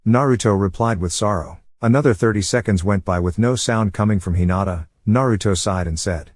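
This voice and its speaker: A man narrating a fan-fiction story in a plain, steady reading voice. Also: on the low side, brisk, few pauses, no echo, clean studio sound. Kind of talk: audiobook-style story reading.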